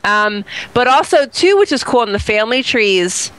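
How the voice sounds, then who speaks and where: A woman's voice: a little high, very animated, normal speed, fairly bright tone, low-quality recording. A woman with a slight lisp, co-hosting a podcast in rambling, casual chat. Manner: chatty, rambling, with restarts and giggles. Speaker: podcast co-host.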